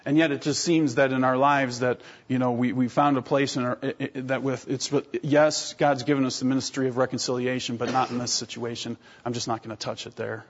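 Husky-voiced pastor preaching. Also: male voice, mid-range voice, brisk, few pauses. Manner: animated storytelling with self-deprecating humor; clears throat often. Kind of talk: sermon. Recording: dull lo-fi sermon recording.

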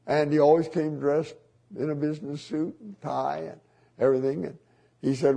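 A man's voice: a little high, fairly even intonation, moderate pace, vocal fry, dark tone. An older man preaching a sermon as a pastor, telling folksy stories with many fillers and restarts.

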